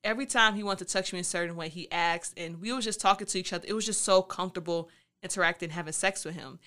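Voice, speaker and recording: A woman's voice: fairly low pitch, fast talker, bright, forceful tone. A woman podcast host telling a candid personal story in a frank, playful, slangy way, acting out her own thoughts.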